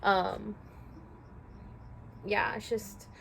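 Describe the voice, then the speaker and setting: A young woman talking to camera in a personal vlog, halting and full of fillers, close to tears. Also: medium pitch, little pitch movement, gravelly. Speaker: vlogger. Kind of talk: emotional personal vlog talk. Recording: faint background noise.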